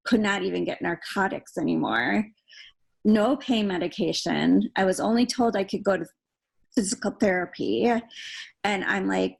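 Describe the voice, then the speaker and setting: Middle-aged woman, interviewee; low, raspy, rambling storyteller. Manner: rambling, acts out quoted dialogue. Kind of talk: emotional personal story.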